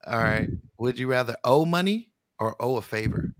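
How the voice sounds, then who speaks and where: A man hosting a casual chat show, reading out this-or-that questions in a relaxed way. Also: medium pitch, normal speed. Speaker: host.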